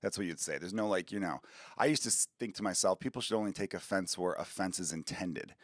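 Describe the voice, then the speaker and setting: A man in a relaxed podcast chat, rattling off quick, crude anecdotes. His voice sits slightly low, and the recording is close and dry. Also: dry recording. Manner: quick, loose storytelling with crude jokes. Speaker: podcast guest, comedian. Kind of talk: casual chat.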